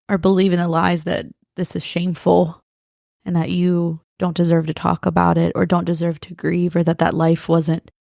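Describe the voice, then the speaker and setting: A woman with a lowish, gravelly voice speaks tenderly and earnestly to her listeners as co-host of a faith-based podcast. Her pitch stays fairly flat. The sound is dry and close. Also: no echo. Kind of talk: heartfelt faith-based talk.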